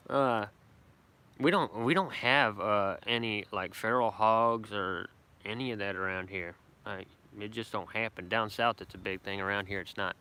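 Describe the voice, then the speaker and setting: A middle-aged man with a drawl talks on a live stream from his camp in the woods. He is brash, boastful and profane, and he rambles from one topic to the next. His voice is bright and mid-pitched. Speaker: bushcraft vlogger doing a live stream. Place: outdoors at a woodland camp.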